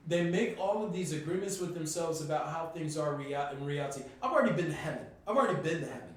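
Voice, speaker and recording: A man telling a personal story on a podcast in a casual, animated way, swearing freely and sometimes rising to a shout. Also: fairly high pitch, fast talker, hardly any pauses. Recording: echoey room, distant from mic, faint noise.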